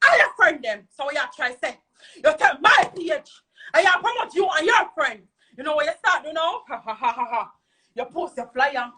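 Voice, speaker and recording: High, lively Jamaican woman ranting. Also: moderate pace. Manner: animated, heated, patois-heavy storytelling. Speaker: social media personality. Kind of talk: emotional storytime vlog.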